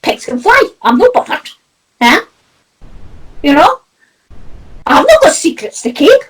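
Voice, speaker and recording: A Scottish woman with a high, bouncing voice that swings up and down freely. She talks in an animated, chatty way as a spiritual medium, with frequent laughter. Casual conversation. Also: measured pace, rough recording. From Scotland. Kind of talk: casual chat.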